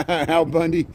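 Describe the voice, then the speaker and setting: A vlogger gives a city walking tour on a cold, windy street, chatting casually in a livestream, rambling and answering viewers as he walks. His voice is a little high and a little mellow, and the audio is poor.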